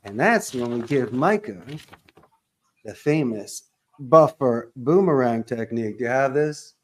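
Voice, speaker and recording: A man with a mid-range voice and lively intonation speaks at an unhurried pace. He owns a call center and is a podcast guest, giving animated interview talk that is emphatic, punchy, and packed with sports and pop-culture references.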